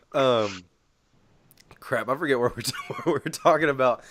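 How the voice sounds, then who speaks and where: A man's voice: medium pitch, unhurried, a bit bright, slight background noise. A young man co-hosting a casual podcast, telling a story in a rambling way with lots of fillers and laughs. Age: young adult. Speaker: podcast co-host. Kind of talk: casual chat.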